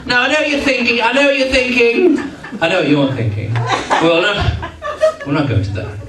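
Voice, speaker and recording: An entertainer with a very high-pitched voice talks at normal speed through heavy background noise. He does comic stage patter in a function hall, teasing and chatting with a live audience, captured from a distance in a roomy recording with the crowd audible.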